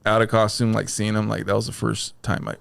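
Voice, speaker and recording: A man hosting a podcast, talking in a relaxed, slangy way with casual swearing. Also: lowish voice, brisk, vocal fry, no room sound. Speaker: podcast host.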